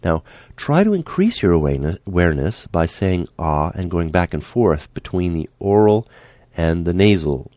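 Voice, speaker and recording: Deep-voiced male speech teacher, calm. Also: normal speed, no room sound. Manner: calm, patient, demonstrates sounds aloud. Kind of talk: instructional speech lesson.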